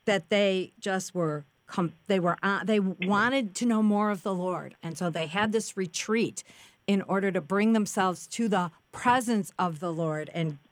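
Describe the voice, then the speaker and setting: A woman's voice: medium pitch, unhurried, no room sound. Devout woman talk show host. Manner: affirming, devout interjections. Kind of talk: casual Christian talk show.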